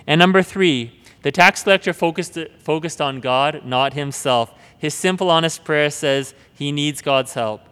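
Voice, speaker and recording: A man giving an earnest spoken teaching on prayer, often repeating words and dropping to a hush when reciting prayers. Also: fairly high pitch, measured pace, few pauses, clear, resonant tone. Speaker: preacher. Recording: long hall reverb.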